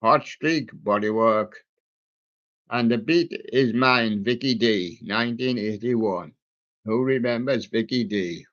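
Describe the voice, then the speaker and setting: A man hosts a live music stream, joking around and punning on song titles as he goes. His voice is mid-range and fairly bright, and his pace is slow. The audio has a dull, lo-fi quality.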